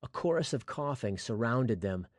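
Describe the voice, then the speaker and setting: A man narrating a fantasy audiobook in a steady, scripted storytelling voice. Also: mid-range voice, normal speed, no room sound, clean studio sound.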